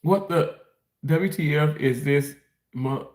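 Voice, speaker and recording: A Mississippi man with a fairly high, darkish-toned voice hosts a casual livestream, speaking slowly in a roomy-sounding space. He rambles, laughs often, and reads out chat comments while eating.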